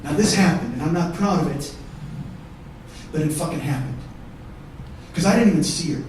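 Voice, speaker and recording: A comedian telling a story on a theater stage, profane, swinging from shouting to hushed. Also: male voice, on the high side, normal speed, background noise. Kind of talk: stand-up storytelling. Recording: echoey theater from far off.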